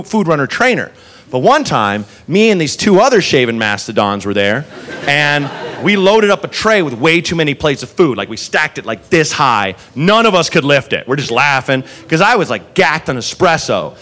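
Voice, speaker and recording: A man tells a profane restaurant story as stand-up, his voice high and swinging widely as he acts out everyone in it. He is recorded live in a comedy club. The crowd laughs loudly around him over a noisy room. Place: comedy club stage before a laughing audience. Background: audience laughter.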